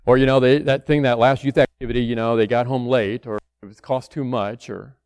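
A man preaches in an easy, conversational manner, often dropping into the fretful voices of his congregation. His pitch sits in the middle range for a man. The sound is dry, with little room echo. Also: fairly even intonation, fairly quick, a little mellow, clean tone. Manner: conversational preaching, acts out worried church members. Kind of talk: sermon.

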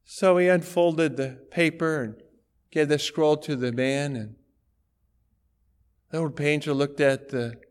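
A man's voice: a little high, steady tone, takes it slowly, pauses often, smooth. A man preaching a sermon, telling a story with dramatic emphasis and putting rhetorical questions to his congregation. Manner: dramatic storytelling, acting out characters' lines.

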